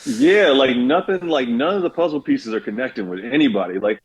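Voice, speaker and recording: A man talking as a podcast guest in casual chat, animated, laughing often and filling his speech with "like". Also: mid-range voice, fairly quick, breathy edge, poor audio.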